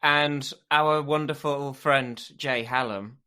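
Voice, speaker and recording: A man co-hosts a podcast and tells stories with animated energy. His voice is bright and sits a little high. The talk is casual and quick. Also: clear, resonant tone. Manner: animated anecdote-telling. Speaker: podcast co-host. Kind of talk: casual chat.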